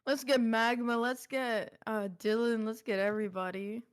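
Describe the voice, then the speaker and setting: A woman's voice: on the high side, fairly even intonation, moderate pace, smooth, dry recording, studio quality. A woman co-hosting a casual watch-along stream, teasing and giggly. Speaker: vtuber co-host.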